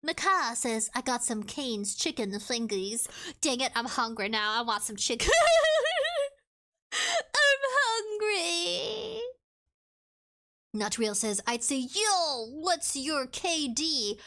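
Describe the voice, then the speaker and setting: A woman's voice: fairly high pitch, unhurried, fairly bright tone. A woman chatting casually on a live stream, reading viewer comments aloud and giggling often in a playful way.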